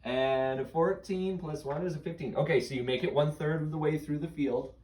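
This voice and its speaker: A father running a tabletop game for his kids as game master, patient and gently coaxing. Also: fairly high pitch, brisk.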